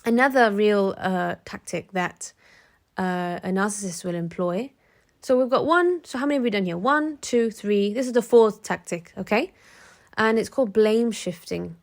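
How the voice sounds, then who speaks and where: A woman's voice: medium pitch, a little mellow. A woman vlogging to camera in a frank, chatty way, with many restarts, who acts out the people she quotes. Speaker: motivational vlogger. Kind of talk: casual talk to camera.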